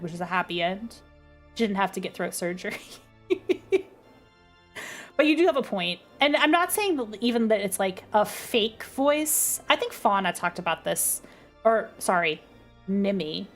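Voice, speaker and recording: A young adult woman with a low, dark voice chats casually on a stream, full of fillers and self-deprecating asides.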